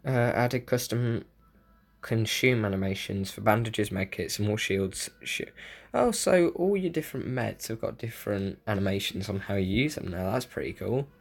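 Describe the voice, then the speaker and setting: A young man casually reading game patch notes aloud and breaking off into excitable comments. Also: lowish voice, moderate pace, vocal fry. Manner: casual, excitable asides between read-out notes. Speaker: gaming video creator.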